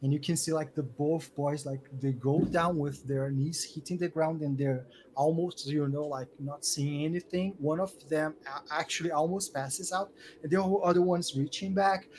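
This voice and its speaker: A man runs a tabletop game, describing scenes in a chatty way full of "like" and quick restarts. His voice sits slightly high. A faint hum is heard behind him. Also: fairly even intonation, a little mellow. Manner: fillers of "like", restarts, vivid scene-setting. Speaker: game master.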